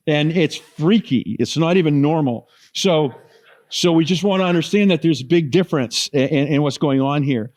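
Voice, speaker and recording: Animated storytelling pastor, man, higher voice. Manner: storytelling, animated, lots of asides and fillers. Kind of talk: sermon.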